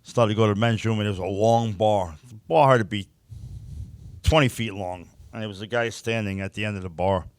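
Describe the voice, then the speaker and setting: A man's voice: on the low side, steady tone, brisk, no echo, clean studio sound. An older man with a New York accent, bluntly telling stories as an interview guest and often repeating words. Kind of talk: casual storytelling.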